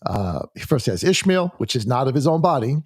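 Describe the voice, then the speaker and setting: A man leading a conversational Bible study in a church, halting and full of restarts as he reads scripture aloud. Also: mid-range voice, sing-song, darkish tone, breathy edge, no room sound, clean studio sound. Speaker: Bible teacher.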